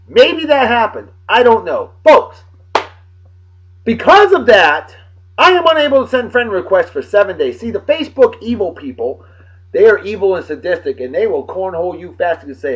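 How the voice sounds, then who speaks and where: A man hosting his own casual webcast, rambling and crude and quick to get riled. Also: high voice, sing-song, a bit bright, slightly rough, dull audio. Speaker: show host.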